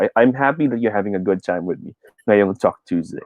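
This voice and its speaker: Lively Filipino man teaching speech. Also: on the low side, fairly quick, no room sound, muffled recording. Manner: lively, switches between English and Tagalog, demonstrates loud and soft delivery. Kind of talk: live online speech lesson.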